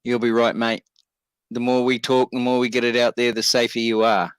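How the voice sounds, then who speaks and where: A laid-back man co-hosting a casual talk show, middle-pitched and unhurried. His voice is recorded close and dry, with no room echo. He reassures easily and leans on lots of ums and uhs. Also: flat delivery, clear, resonant tone.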